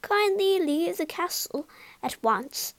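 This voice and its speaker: A woman's voice: very high-pitched, lively intonation, slow pace, no echo, pitched above the performer's own voice, heavily acted. A woman voicing a timid, feeble ghost knight in a storybook, speaking faintly and pleadingly.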